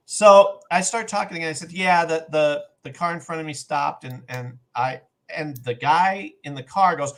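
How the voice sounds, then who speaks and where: Speaking briskly and expressively in a slightly high voice, this middle-aged podcast co-host spins a long personal story. It's casual storytelling, and he acts out what everyone else said.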